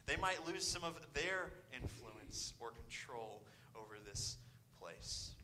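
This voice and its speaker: Pastor guy preaching, bright forceful voice, repeats himself a lot, faint hum in the room. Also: fairly high pitch, rough recording. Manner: earnest, repeats words, drops to near whisper at times. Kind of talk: sermon.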